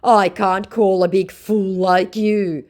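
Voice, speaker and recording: A woman's voice: mid-range voice, flat delivery, takes it slowly, darkish tone, voice pushed up, close to an everyday voice. A woman voicing a defiant male scammer who poses as a rock musician and answers with indignant, curt retorts.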